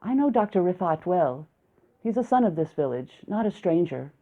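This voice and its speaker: A woman doing a coy, breathy young nurse. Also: medium pitch, expressive, moderate pace, lightly acted. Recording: narrow, phone-like lo-fi sound.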